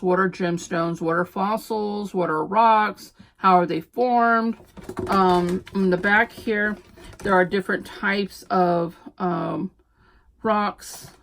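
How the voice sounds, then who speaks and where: A middle-aged woman, a homeschooling mom telling stories in a chatty, animated vlog. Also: medium pitch. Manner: chatty, animated storyteller with frequent fillers. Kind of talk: casual chat.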